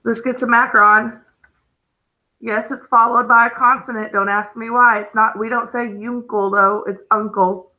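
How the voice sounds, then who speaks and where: A woman teaching a phonics lesson, explaining patiently with gentle enthusiasm. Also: fairly high pitch, level tone, moderate pace, poor audio.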